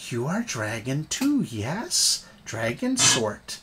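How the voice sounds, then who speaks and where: A man's voice: mid-range voice, huge pitch swings, takes it slowly, pushed and bright, a little hiss or hum, heavily acted. A man voicing a small, eager, childlike male pseudodragon who talks in broken, simple grammar. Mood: friendly.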